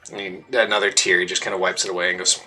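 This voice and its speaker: A man's voice: low voice, little pitch movement, racing, sharp tone, soft background music. A man narrating as the game master of a tabletop game, describing scenes in a loose, filler-filled way.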